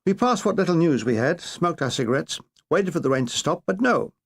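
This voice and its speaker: A man reading a comic war memoir aloud in a wry, deadpan way. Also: on the high side, brisk, vocal fry, breathy edge. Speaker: narrator.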